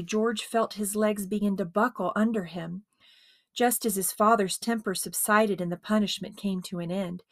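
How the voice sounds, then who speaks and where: A woman narrating a dramatized biography as an audiobook, with expressive storytelling. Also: medium pitch, no room sound, studio quality.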